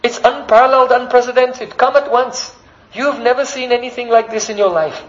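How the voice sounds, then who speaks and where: A man's voice: very high-pitched, steady tone, fairly quick, a bit bright, dull audio, voice pushed up. A man voicing an eager bird calling the other birds to come at once, in an urgent tone. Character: excited bird calling its flock.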